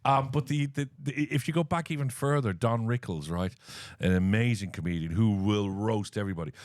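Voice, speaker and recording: An Irish man co-hosting a podcast in casual, jokey chat, riffing eagerly. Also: lowish voice. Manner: animated, jokey, quick to riff. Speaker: podcast co-host.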